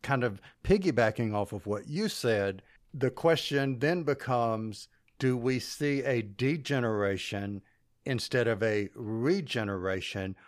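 A man's voice: mid-range voice, a little slow. A man hosting a casual podcast discussion, speculating eagerly and putting questions to his co-hosts. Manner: enthusiastic, speculative, asks the panel questions. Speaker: podcast host.

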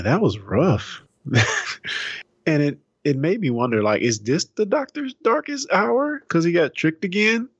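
Male co-host, breathy voice, dry dull remote audio, thinks out loud. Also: mid-range voice, dry recording. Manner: reflective, wondering aloud. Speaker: podcast co-host. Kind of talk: casual discussion.

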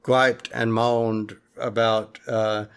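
A man's voice: on the low side, level tone, very slow, clean tone. A man hosting a podcast in casual chat, rambling with many fillers and restarts. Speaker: podcast host.

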